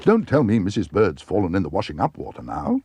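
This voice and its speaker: A man's voice: low voice, huge pitch swings, brisk, background noise, full character voice. A man voicing a flustered, exasperated middle-aged father in a storybook reading.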